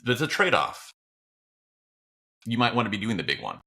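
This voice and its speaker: A man with a low voice but a bright, forceful edge, co-hosting a podcast in relaxed conversation. His pitch swings widely as he acts out his own thoughts, with casual swearing and easy laughter. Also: normal speed, vocal fry. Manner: animated, jumps up in pitch when acting out his own thoughts. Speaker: podcast co-host.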